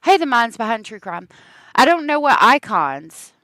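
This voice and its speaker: A woman's voice: on the high side, sing-song, normal speed, sharp tone, no echo. A woman hosting a casual true crime livestream, chatting with viewers and laughing often.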